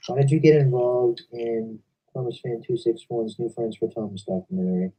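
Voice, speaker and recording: A man's voice: mid-range voice, fairly even intonation, normal speed, mellow, distant mic, a little hiss or hum, poor audio. A young man hosting a stream, chatting casually and rambling about video games. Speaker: stream host. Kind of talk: casual chat. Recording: voice from away from the mic.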